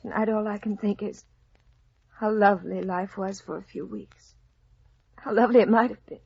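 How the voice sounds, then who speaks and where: An actress playing a gentle, heartbroken young woman who speaks in a soft, earnest way, in 1940s radio acting on a dull old radio broadcast. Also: mid-range voice, fairly even intonation, moderate pace, gravelly, slightly rough, dry recording.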